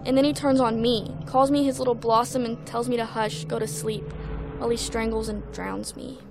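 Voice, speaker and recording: Teenage girl, worried, uneasy, higher voice. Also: fairly even intonation, moderate pace, creaky, background noise. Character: teen girl Meredith, shaken by nightmares. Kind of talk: audio drama acting.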